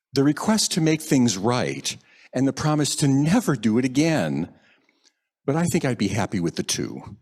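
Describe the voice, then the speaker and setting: Man, minister, sermon, slow delivery, animated pitch, gentle reflective tone. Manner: slow, gentle and reflective, lingering on quoted phrases. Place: church sanctuary.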